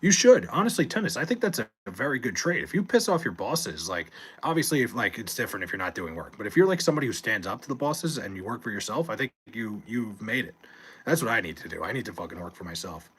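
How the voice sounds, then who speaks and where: A man's voice: fairly low pitch, sing-song, quick pace, husky. A man streaming late at night from home, chatting loosely with chat, swearing and rambling, on a desk mic. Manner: loose, profane, rambling, reads chat aloud. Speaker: live streamer.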